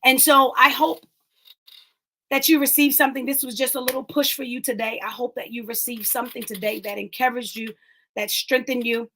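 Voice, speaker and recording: A woman's voice: fairly high pitch, steady tone, brisk, bright, forceful tone. A woman hosting an online inspirational talk, preaching with emphatic repetition and speaking directly to live viewers. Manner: emphatic, repeats lines, talks to live viewers. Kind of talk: preaching-style encouragement.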